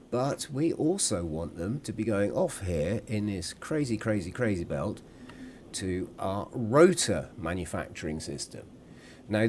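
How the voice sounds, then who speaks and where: A man's voice: deep voice, slight background noise. A man giving chatty, casual commentary over his own gameplay, at times apologising and humming to himself.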